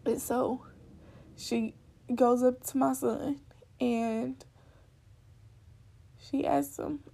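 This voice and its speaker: A woman's voice: high voice, steady tone, drawn-out words, vocal fry, warm tone. A young woman telling a personal story in a candid, rambling way, full of fillers.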